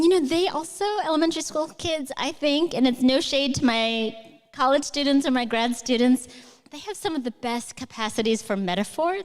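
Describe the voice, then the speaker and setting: Woman author, live Q&A, eager and chatty, smooth voice, reverberant hall. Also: a little high. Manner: warm, enthusiastic, chatty with many fillers. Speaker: author answering audience questions. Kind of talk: live onstage conversation.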